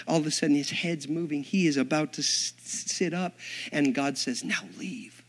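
A man preaching, a minister telling a story with acted-out dialogue and big swings from hushed asides to shouting. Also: on the high side, brisk. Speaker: Assembly of God minister. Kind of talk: storytelling sermon.

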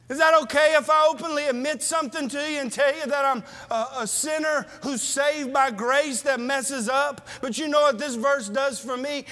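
A man's voice: extremely high pitch, bright, forceful tone. A male pastor preaching a sermon in a church, earnestly asking his listeners questions in a plain-spoken way. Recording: long reverb of a hall.

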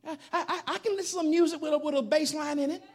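A man preaching a sermon in a casual, everyday way, telling stories and shouting to stress his points. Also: very high voice, fairly even intonation, very fast. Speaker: pastor.

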